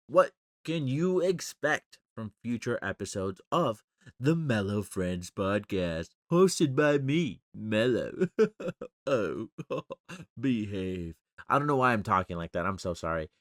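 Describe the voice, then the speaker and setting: A man's voice: mid-range voice, a bit bright, no echo, clean studio sound. A man hosting his own podcast, rambling and joking about himself in a casual monologue. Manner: rambling, joking and self-deprecating. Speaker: podcast host.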